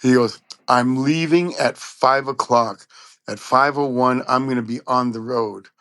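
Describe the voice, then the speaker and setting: A man from Long Beach, California, a trumpet player telling lively anecdotes in a casual interview. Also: mid-range voice, measured pace, no echo. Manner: animated anecdotes, acts out quoted voices.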